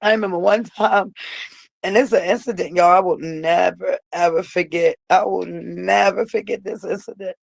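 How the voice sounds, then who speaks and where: A woman's voice: on the low side, fairly even intonation, moderate pace, gravelly, no echo, poor audio. A woman vlogger telling a personal story straight to her viewers, emphatic and repeating herself for weight.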